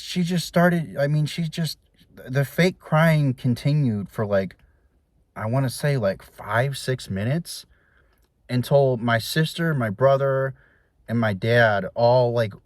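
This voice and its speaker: A man's voice: medium pitch, slow pace, no echo. A young man telling personal stories to his viewers in a casual, rambling way, with many restarts and fillers. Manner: quotes others in raised voices. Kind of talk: casual storytelling to camera.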